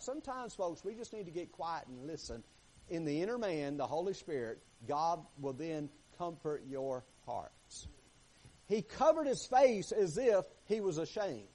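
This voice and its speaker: A man delivering a sermon in a somewhat high voice. He swings between hushed, quiet stretches and emphatic, rising passages as he reads scripture aloud and talks to the congregation. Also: rough recording. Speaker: preacher.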